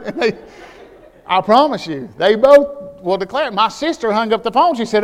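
A man preaching a sermon as pastor, telling animated stories that build to near shouts. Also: sits high, moderate pace, in a large hall.

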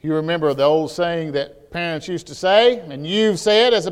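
A man preaching a sermon as pastor, telling animated stories that build to near shouts. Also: fairly high pitch, normal speed, hardly any pauses, smooth, in a large hall.

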